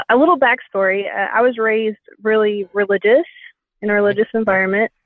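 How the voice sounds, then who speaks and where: A woman's voice: medium pitch, dry recording. Woman in her thirties on a tinny phone line. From Savannah, Georgia, US. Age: 30s. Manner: candid, chatty, lots of fillers. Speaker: caller. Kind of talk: telling her story on a call-in show. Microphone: phone call.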